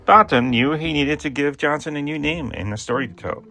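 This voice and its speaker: A man's voice: a little high, a little fast. A man telling a humorous historical story, with playful asides and jokes about his own mistakes. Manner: jokey asides, playful and animated.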